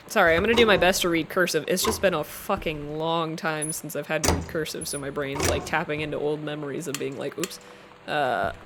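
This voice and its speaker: A woman streaming a game, chatting casually, swearing and stumbling as she reads notes aloud. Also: deep voice. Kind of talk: casual gameplay commentary. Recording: live stream with faint room noise.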